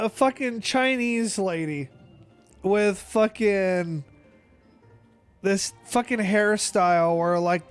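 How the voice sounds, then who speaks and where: A man in his thirties, talking excitedly in casual chat, swearing heavily and stumbling over restarts. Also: high voice, smooth.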